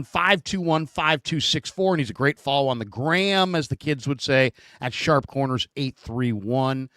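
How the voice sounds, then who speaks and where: A man from San Francisco hosting a casual sports talk show, telling stories with lively put-on voices. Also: mid-range voice, no echo. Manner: animated storyteller, acts out shouted voices. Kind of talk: casual sports podcast chat.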